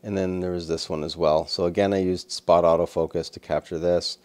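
A man with a low, mellow voice talks through his wildlife shots in an unhurried, casual way. He rambles a bit, with lots of "you know" and "uh" between thoughts. The tone is relaxed and conversational, like a photographer explaining his settings. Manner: easygoing, rambling with fillers. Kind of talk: casual commentary over photos.

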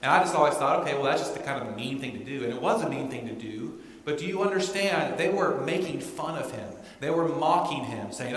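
A man's voice: mid-range voice, expressive, fairly quick, hardly any pauses. A man preaching a sermon as pastor, in a conversational way that keeps checking in with the congregation. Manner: conversational, often asks "right?". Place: church sanctuary. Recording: echoey church hall.

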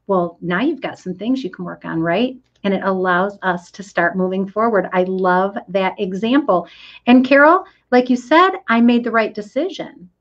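A woman's voice: medium pitch, normal speed. A middle-aged woman coaching listeners in a motivational talk, earnest and emphatic, speaking to them directly. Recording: dull lo-fi audio.

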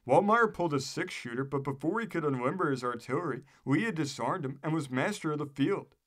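A man narrating an old newspaper article in a steady, measured reading voice. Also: on the high side. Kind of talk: read-aloud narration.

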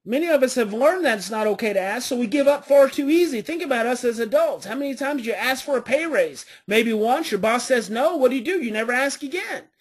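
Husky-voiced woman coaching parents. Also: on the high side, lively intonation, brisk, hardly any pauses. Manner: storytelling with family anecdotes, emphatic repetition. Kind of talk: coaching class talk.

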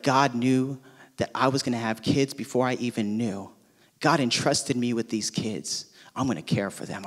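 A man in his thirties from Hawaii, a pastor telling a personal story in a casual, animated sermon with plenty of fillers. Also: mid-range voice. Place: church auditorium. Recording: long reverb from a large hall.

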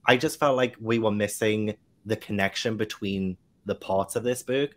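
A man's voice: lowish voice, moderate pace. A man with a British accent chatting casually in a book club discussion, rambling with lots of fillers. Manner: rambling, filler-heavy and animated.

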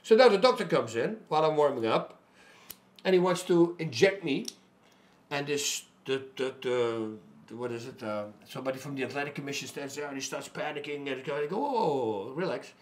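A middle-aged man, a fighter, telling a personal story in an animated way that turns loud and emphatic. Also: a little high, fairly quick. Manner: animated, gets loud and emphatic when indignant.

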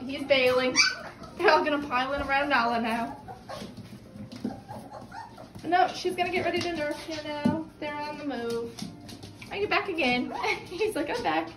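A woman narrating a casual home vlog, chatty and giggly, cooing baby talk to puppies in a warm room, filmed on a handheld camera. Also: sits high, very noisy. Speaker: dog breeder vlogger. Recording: echoey room with music underneath.

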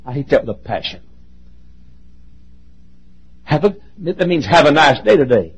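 A man preaching a sermon as a pastor, impassioned, joking now and then, dropping from shouts to near whispers. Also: medium pitch, sing-song, normal speed, long pauses, breathy edge, poor audio. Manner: joking asides.

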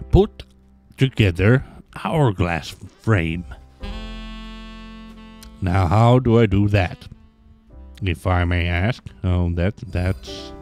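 Man, let's play commentary, sarcastic, profane, low voice, very slow talker, faint background music. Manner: grumbling and sarcastic, swears often. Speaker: gamer playing a hidden-object game.

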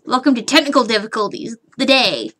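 A woman's voice: fairly high pitch, expressive, brisk, a bit bright. A woman streaming herself drawing, rambling to herself, humming and muttering, frustrated and swearing casually at her computer. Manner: rambling self-talk, muttering and humming while working. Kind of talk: live drawing stream chatter.

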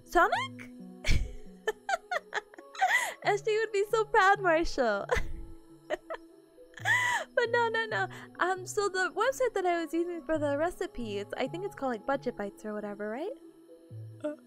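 A woman's voice: very high-pitched, animated, measured pace, long pauses, a bit bright, faint music behind. A sleepy woman streamer chatting casually with her viewers, giggling often and greeting people in chat.

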